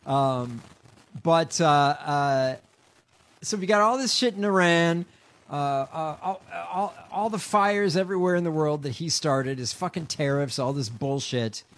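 A man's voice: fairly high pitch, unhurried. A man hosting a casual political commentary show, sarcastic and rambling, with many fillers. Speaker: podcast host.

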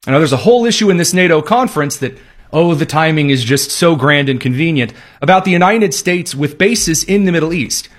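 A man's voice: fairly high pitch, animated, brisk. A man hosting a political commentary show, delivering the news with wry, sarcastic, mock-folksy asides. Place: studio, also aired on radio.

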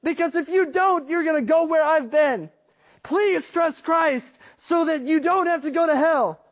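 Preacher guy acting out a frantic pleading man just back from hell, voice pushed way up high, begging. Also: a little slow. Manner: pleading, urgent, rising voice.

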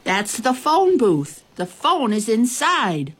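A woman's voice: mid-range voice, wildly swooping pitch, a little fast, husky, exaggerated voice. A woman voicing an eager little girl in a storybook reading, calling out instructions in a helpful, slightly bossy way. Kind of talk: storybook voice acting.

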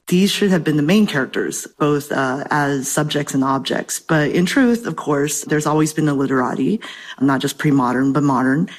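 A woman professor answering interview questions in an articulate, academic way, slightly out of breath. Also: deep voice. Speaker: professor and guest expert.

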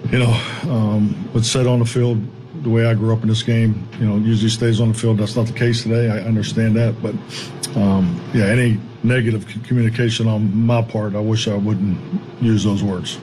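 A man with a low, dark voice giving press conference remarks, measured and hesitant, his delivery flat. A faint murmur of room ambience sits behind him. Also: a little hiss or hum, rough recording. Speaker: head coach at a press conference.

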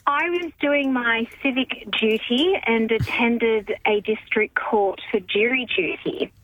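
A woman's voice: fairly high pitch, slow pace, no echo, narrow, tinny audio. A woman calling in to a radio show and telling an anecdote animatedly over the phone. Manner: animated, laughs while telling. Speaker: caller. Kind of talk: storytelling on a call-in show. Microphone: phone call.

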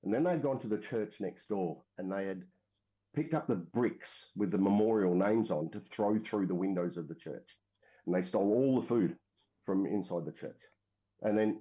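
Low dark-voiced Australian man, dull recording. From Western Australia. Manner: rambling, many fillers and restarts. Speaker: military veteran guest. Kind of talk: casual storytelling interview.

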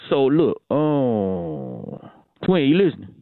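A man's voice: mid-range voice, very animated, slow pace, creaky, no room sound. A man, drawling and repeating himself, telling a comic story on a morning radio show. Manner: drawling, repetitive, calls everyone shawty and boy. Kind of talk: comedic morning radio monologue. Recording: tinny phone-like radio line.

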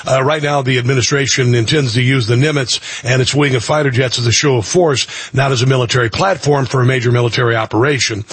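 A man's voice: mid-range voice, a bit bright, husky, no room sound. A man hosting a talk radio show, giving blunt, rambling commentary full of restarts and filler words.

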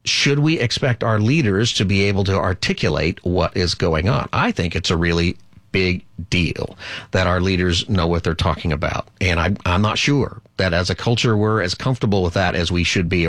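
A talk radio host with a fairly low male voice delivers opinionated political commentary. He rambles a bit, with fillers and asides. The sound is dry and close, with no room echo. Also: moderate pace, fairly bright tone.

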